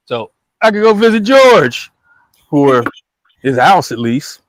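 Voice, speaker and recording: A man's voice: a little high, big pitch swings, slow pace, dry recording, low-quality recording. A man on a fishing livestream, chatting casually and rambling about bank fishing, with plenty of fillers and restarts. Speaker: guest angler on a livestream. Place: riverbank outdoors.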